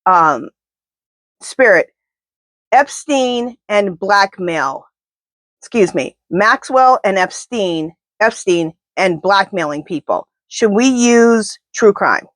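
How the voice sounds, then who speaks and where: A woman's voice: medium pitch, lively intonation, takes it slowly, no echo. A woman doing a casual tarot reading to camera, talking to her spirit guides and speaking bluntly and indignantly. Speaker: tarot reader.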